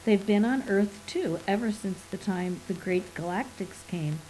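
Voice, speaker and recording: A woman's voice: mid-range voice, a little slow, mellow, a little hiss or hum, lightly acted, low-quality recording. A woman voicing a thoughtful, earnest man who is working out a hoax, in an audiobook reading.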